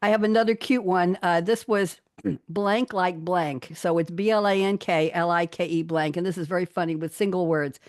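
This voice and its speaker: A woman's voice: on the low side, fairly even intonation, normal speed, no echo, studio quality. A woman guest on an interview show, chatting cheerfully, laughing often and reading her own poems aloud. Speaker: guest poet.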